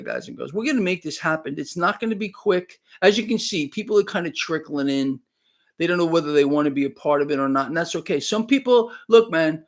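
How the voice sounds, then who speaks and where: A man's voice: a little high, creaky. A man talking fervently on a live stream, emphatic and repeating himself. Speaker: online commentator.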